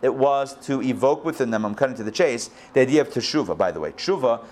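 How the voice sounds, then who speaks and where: A man teaching a live Torah class as a rabbi, telling the story with lively, acted-out lines. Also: medium pitch, fast. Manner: animated storytelling, acts out quoted lines. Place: school hall, recorded live.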